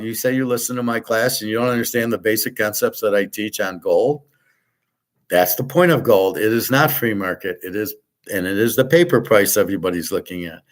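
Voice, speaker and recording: A man hosting his own show, ranting bluntly and with frequent profanity, exasperated and repetitive as he explains the same point again and again. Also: on the low side. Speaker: host. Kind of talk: ranting monologue.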